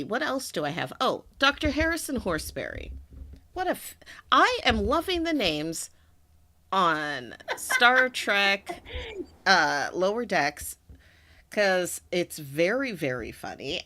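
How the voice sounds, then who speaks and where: A woman's voice: medium pitch, bright, forceful tone. A woman co-hosting a casual livestream chat, chatty and often trailing off while she searches for words. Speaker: co-host.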